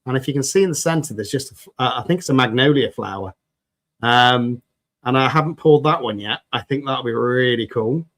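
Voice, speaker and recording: Brisk and a bit bright, this mid-range male voice belongs to a UK host of a resin crafting stream. He reads viewer comments aloud and keeps the casual chat upbeat and full of jokes.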